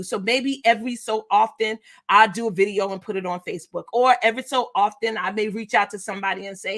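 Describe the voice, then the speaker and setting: A middle-aged woman giving an energetic, preachy motivational talk as a business coach and speaking directly to her live chat. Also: a little high, fairly quick, few pauses.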